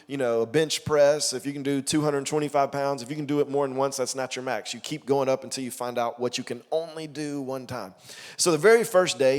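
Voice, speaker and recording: A young adult man preaching a sermon, telling a personal story in a lively way and acting out the voices he quotes. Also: mid-range voice. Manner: animated storytelling, acts out quotes loudly. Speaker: pastor. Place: church auditorium. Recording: long reverb of a church hall.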